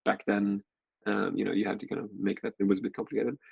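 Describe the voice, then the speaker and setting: A man in his forties tells a long, rambling story as an interview guest, filling it with constant "like" fillers. His voice is low, husky and gravelly with fry. He talks at a quick clip. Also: level tone, phone-quality sound. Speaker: guest, venture capital partner.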